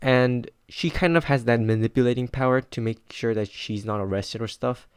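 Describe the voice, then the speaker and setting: A man's voice: mid-range voice, moderate pace, clear, resonant tone, dry recording, studio quality. A teenage boy casually reviewing a comic book, rambling with lots of "like" and restarts. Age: teens. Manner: rambling, filler-heavy with frequent "like".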